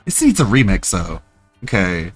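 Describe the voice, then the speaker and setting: A man's voice: low voice, sing-song, normal speed, soft background music. A man streaming and chatting casually, amused and laid-back.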